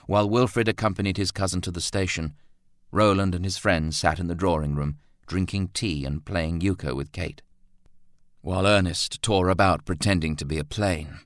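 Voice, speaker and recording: Low-pitched male audiobook narrator, dry and close. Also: fairly bright tone, dry recording. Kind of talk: scripted narration.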